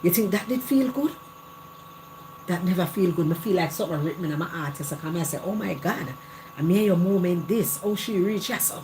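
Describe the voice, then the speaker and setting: Jamaican lady hosting a live stream, patois, kinda low voice, faint hiss behind. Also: animated, normal speed, mellow. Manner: candid storytelling in patois, repeats phrases. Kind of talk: casual live chat.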